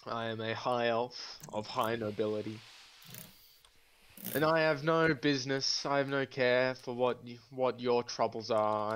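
A man playing a haughty male high elf noble in a tabletop game, speaking slowly and aloofly. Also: fairly bright tone, clean tone. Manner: slow, pompous, aloof.

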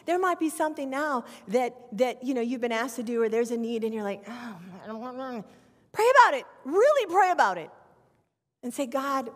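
Woman children's pastor in her fifties, animated testimony sermon, slightly high voice, long church-hall reverb. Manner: animated storytelling with acted prayers. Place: church sanctuary.

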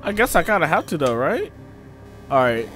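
A young man with an excitable, slangy manner, commentating a let's play of a game and yelping when he gets scared. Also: a little high, normal speed, soft background music. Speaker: gaming streamer.

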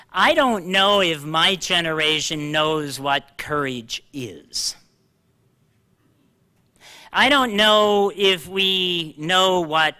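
An older man preaching a sermon, animated and joking at himself, slowing down to read scripture aloud. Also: fairly high pitch. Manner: animated, self-deprecating, reads scripture slowly. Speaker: pastor. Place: church hall.

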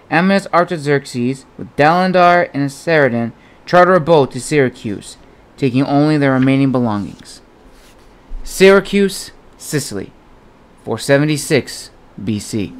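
A man narrating an adventure novel as an audiobook in a steady storytelling manner. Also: a little high.

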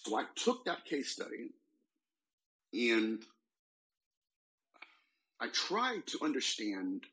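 Male demonologist guest, animated storyteller, lively pitch, acts out the quotes. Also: takes it slowly, long pauses, rough recording. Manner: animated, retells a case with quoted voices. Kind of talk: storytelling in a podcast interview.

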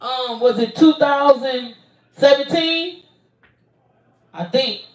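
A woman's voice: sits high, slow pace. A young woman streamer answering viewer questions in a casual, blunt, profane way, stalling with lots of ums. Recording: roomy sound, distant from mic.

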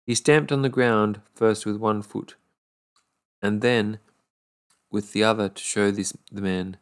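A man reading a fairy tale aloud, unhurried, now and then stumbling and correcting a word. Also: on the low side, fairly even intonation, clean tone. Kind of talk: read-aloud storybook narration.

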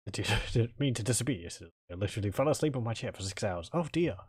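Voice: mid-range voice, lively intonation, quick pace, darkish tone, slightly rough, dry recording, clean studio sound. A streamer doing let's play commentary, thinking aloud, speaking typed game commands and chuckling. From Australia.

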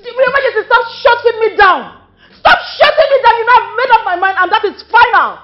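Brief: fierce Nigerian queen mother, very high and lively, scolding, dull audio with music. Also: brisk. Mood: indignant. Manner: indignant scolding. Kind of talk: Nollywood film acting.

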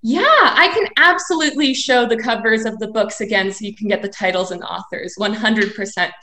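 A woman, a children's librarian, leading a live video session for kids with animated chants, songs and movement games. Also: a little high, a little fast, a little hiss or hum. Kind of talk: kids' story and activity time. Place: home, live video stream. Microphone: video call. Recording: echoey room.

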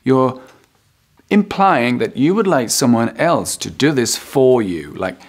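A French-speaking man gives a relaxed, unhurried English lesson on video, often pausing on ums and restarting his sentences. His voice leaps high when he acts out example phrases, then settles back down.

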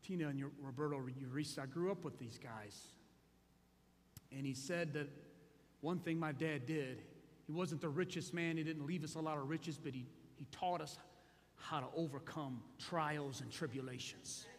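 A male pastor preaching a sermon, moving from hushed storytelling to shouted exhortation. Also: on the high side, normal speed. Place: large church hall. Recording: echoey hall.

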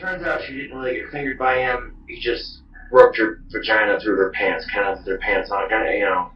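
A man's voice: lowish voice, fairly even intonation, fairly quick. A man telling a rambling, profane comedic story. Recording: dull, roomy, distant, faint hiss.

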